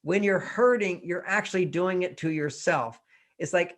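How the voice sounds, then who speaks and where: Emphatic guy in his sixties from texas, kinda high voice with a gravelly edge. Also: moderate pace, a bit bright. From Texas, USA. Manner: emphatic, acts out quoted voices. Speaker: guest author. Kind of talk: interview talk.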